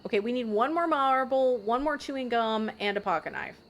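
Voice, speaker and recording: A woman's voice: a little high, expressive, fairly quick. A woman streaming a game live, chatting casually with her viewers, swearing freely and reading game lines aloud. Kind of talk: casual live-stream commentary while playing.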